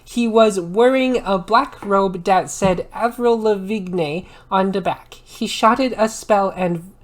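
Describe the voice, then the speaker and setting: A woman doing an ASMR maid role-play, reading aloud with dramatic delivery and sudden loud outbursts. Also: medium pitch, slow pace.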